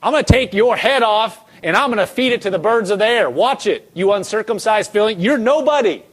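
A preacher putting on a cocky young fighter hurling taunts at a giant, quick and fired up, riding high in his voice. The taunts come fast and bold. He speaks it during a sermon. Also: expressive. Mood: taunting. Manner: brash, taunting. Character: defiant young male warrior taunting a giant.

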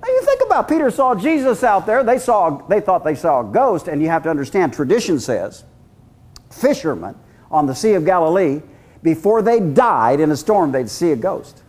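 Male preacher, high voice, animated storyteller who acts out voices. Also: normal speed. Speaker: guest preacher. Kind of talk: sermon.

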